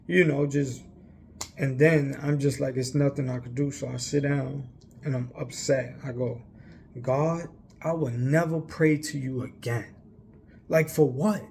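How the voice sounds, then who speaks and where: A man's voice: mid-range voice, vocal fry, darkish tone, a little hiss or hum. A young man telling a long personal story in a casual, rambling way, emphatic and full of fillers. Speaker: vlogger.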